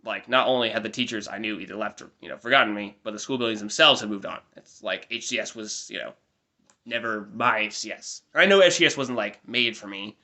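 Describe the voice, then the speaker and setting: In a fast, casual diary-style update, a twentysomething American vlogger keeps wandering into chatty jokes at his own expense. His voice is lowish yet bright and forward.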